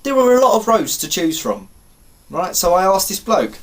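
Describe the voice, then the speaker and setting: Animated young man telling a story. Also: sits high, normal speed. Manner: animated, exasperated, swears casually. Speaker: vlogger. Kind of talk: casual storytelling to camera.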